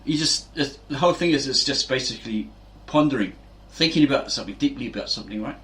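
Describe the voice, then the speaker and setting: He's a fitness channel host with a medium-pitched, somewhat bright voice, lively intonation, and a quick delivery. His casual explanation wanders, he performs the quotes he cites, and he repeatedly asks "right?"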